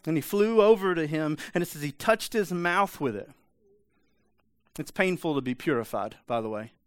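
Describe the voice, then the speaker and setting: A man preaching with a fairly high voice, talking straight to his listeners with pointed questions and blunt asides. The sound is close and dry, with no room echo. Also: animated, normal speed, clear, resonant tone. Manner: emphatic, conversational preaching with rhetorical questions. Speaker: pastor. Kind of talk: sermon.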